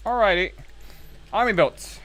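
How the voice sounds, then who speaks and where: A man's voice: high voice, animated, measured pace, bright, forceful tone. Chatty man casting a live game. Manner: chatty, answers viewer chat between play calls. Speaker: tournament caster and streamer.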